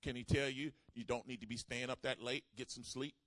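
A man's voice: mid-range voice, steady tone, a little fast, a bit bright, no echo. A man preaching a sermon. He calls for responses from the congregation and repeats phrases for emphasis. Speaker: pastor.

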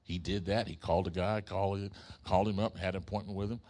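A preacher delivering a sermon in a somewhat low voice, retelling a story with animated emphasis. He turns to his congregation with questions as he goes. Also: quick pace. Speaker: pastor.

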